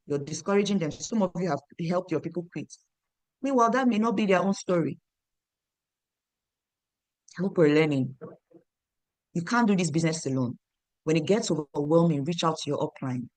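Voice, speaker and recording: A woman's voice: medium pitch, animated, normal speed, a bit bright, no echo. A woman, leading a motivational training for her team, emphatic and repetitive, quizzing her listeners.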